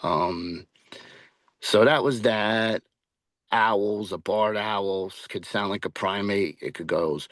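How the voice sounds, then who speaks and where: A man's voice: low-pitched, unhurried, no room sound. A man being interviewed as a paranormal investigator, chatting casually and rambling, with lots of fillers and restarts.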